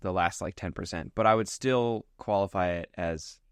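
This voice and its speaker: Relaxed low-voiced man telling a story. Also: moderate pace, clear, resonant tone, dry recording, clean studio sound. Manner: relaxed, chatty storytelling with many fillers. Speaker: podcast co-host. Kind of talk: casual chat.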